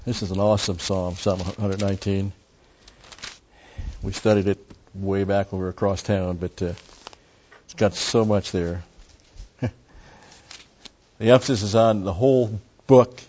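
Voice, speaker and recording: An older man leading an informal Bible study in a rambling, folksy way, slowing down and raising his voice to read verses aloud. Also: sits low, fairly even intonation, a little mellow, dull audio, a little hiss or hum. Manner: rambling, folksy, with many digressions and "uh" fillers.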